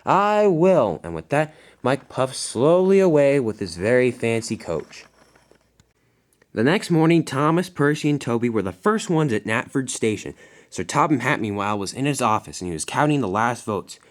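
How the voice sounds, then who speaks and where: Guy narrating a toy train story, lively, informal, trips over words sometimes. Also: medium pitch, normal speed. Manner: informal with slips and restarts.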